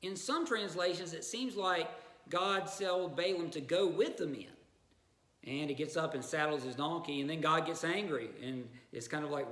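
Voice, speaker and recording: A man's voice: fairly high pitch, moderate pace, fairly bright tone. A man, a pastor, preaching a sermon in a conversational storytelling way, with asides to his listeners. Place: church. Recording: echoey room.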